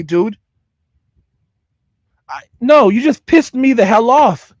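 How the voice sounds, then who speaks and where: A man's voice: extremely high pitch, lively intonation, slow pace, no room sound. A man hosting a livestream, ranting angrily at chat and repeating himself. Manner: angry, heated, repeats himself. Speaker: channel host. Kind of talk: livestream rant reacting to chat.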